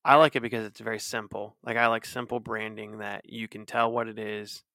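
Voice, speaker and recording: Chatting casually on a podcast, a male co-host in his thirties rambles with frequent fillers and restarts. His lowish voice shows little pitch movement and runs a little fast, creaky, pushed, and bright. The clean studio recording has no room sound.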